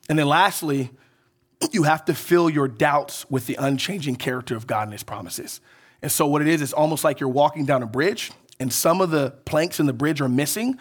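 A man preaching a sermon as pastor. He keeps checking in with the congregation with "right?" and "okay?", and swings between emphatic rises and soft drops. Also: mid-range voice, husky.

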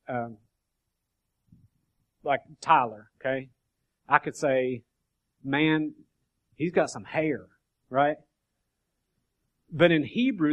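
Man teaching a casual Bible study. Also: mid-range voice. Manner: conversational, frequent "okay?" check-ins and restarts.

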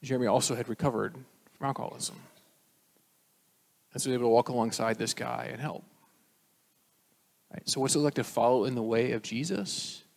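A man's voice: medium pitch, fairly quick, creaky, long pauses. A male pastor preaching a sermon, emphatic and rising on key phrases, with casual asides to the congregation.

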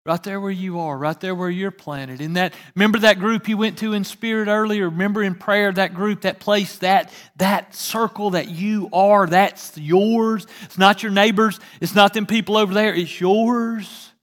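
A male pastor preaches with a high, bright, forceful voice. He shifts from hushed scripture reading to loud, fervent bursts. The sound carries a long reverb from a large hall. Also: fairly even intonation, normal speed, hardly any pauses. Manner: swings from soft to loud preaching. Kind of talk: sermon.

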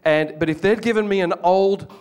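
A guest speaker tells his life story to a congregation as a testimony sermon. His high-pitched voice is a little mellow and clean in tone, at a moderate pace, and he speaks earnestly, often restarting and repeating words.

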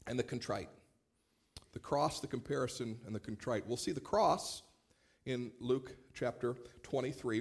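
Man, pastor, sermon, conversational storytelling, mid pitch. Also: husky. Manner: conversational storytelling with warm humor.

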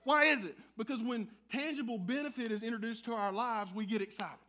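A man preaching to his congregation in a notably high voice. He swings from quiet, earnest stretches to lively, teasing banter with the pews. His delivery is conversational and animated, as if talking with the people in front of him. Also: a little fast. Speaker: pastor. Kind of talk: sermon. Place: church sanctuary.

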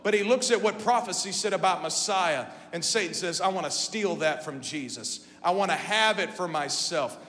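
A man preaching a sermon to his congregation, going from quiet, conversational talk up to shouting. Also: high voice, expressive, normal speed, hardly any pauses. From Midwestern United States. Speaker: pastor. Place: church sanctuary. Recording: long hall reverb, faint hum.

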